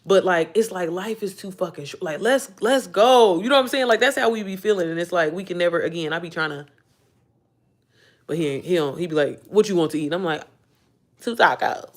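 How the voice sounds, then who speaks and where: A woman's voice: lowish voice, a little fast. A woman in her thirties hosting a casual livestream, talking animatedly with lots of swearing and reading out viewer comments. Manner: animated, profane, calls viewers "baby" and "y'all"; reads and answers viewer comments. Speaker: livestream host. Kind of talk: casual motivational livestream chat.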